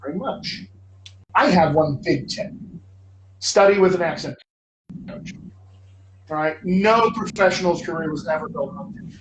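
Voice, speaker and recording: Encouraging male host-coach, emphatic, repeats for stress; higher-pitched voice, recorded in a roomy space with faint background noise. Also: unhurried, pauses often. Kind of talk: live online Q&A. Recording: echoey room, faint ambient noise.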